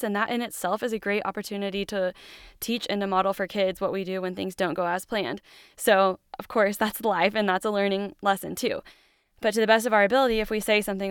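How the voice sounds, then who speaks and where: Mom podcaster, super smooth clear voice, dry close mic, earnest and gentle. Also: female voice, medium pitch, no echo. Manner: earnest, gentle and reassuring, acts out quick lines to kids. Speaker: podcast host. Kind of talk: solo parenting podcast talk.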